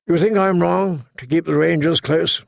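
Gruff old lord-commander, curt and commanding, a touch gravelly, read by a male narrator. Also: fairly high pitch, fairly even intonation, normal speed, no echo, studio quality, voice pushed up. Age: older. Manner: brusque, decisive orders.

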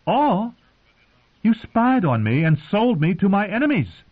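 A proud young queen, voiced by a man, sharp and accusing. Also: fairly high pitch, animated, moderate pace, voice pushed up. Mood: interrogating. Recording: narrow phone-like sound.

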